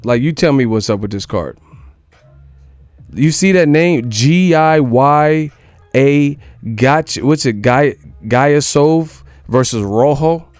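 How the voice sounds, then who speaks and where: A man's voice: mid-range voice, takes it slowly, darkish tone, dry recording. A man hosting a boxing news channel in casual commentary, joking and incredulous, with plenty of swearing. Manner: incredulous, joking, profane rant.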